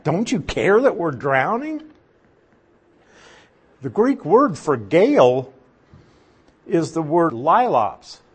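A man's voice: a little high, darkish tone, husky. A man teaching a Bible lesson, explaining Greek words and putting questions to his listeners.

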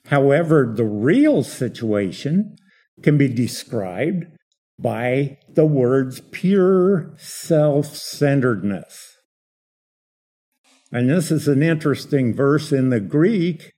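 Slow, animated, husky-voiced male preacher. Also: mid-range voice. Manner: animated, rhetorical questions. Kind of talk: expository sermon.

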